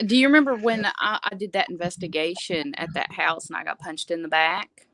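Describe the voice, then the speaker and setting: A woman's voice: lowish voice, fairly quick, fairly bright tone, poor audio. A woman co-hosting a casual chat about paranormal investigation, chiming in with brief remarks. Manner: chimes in with brief agreeing remarks.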